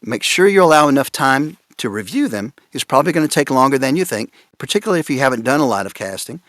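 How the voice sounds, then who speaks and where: A man speaking on a conference panel about voice direction, amused and animated, laughing often. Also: medium pitch, fast, no echo, studio quality. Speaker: panelist on voice acting.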